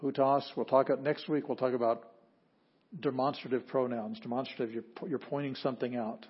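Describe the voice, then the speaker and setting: A man with a husky, slightly rough voice teaches an introductory Greek class. He explains grammar step by step and pauses to sound out each word. The recording is dull and lo-fi. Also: mid-range voice, fairly even intonation. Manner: explanatory, stops to sound out words. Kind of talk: classroom lecture. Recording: dull lo-fi audio.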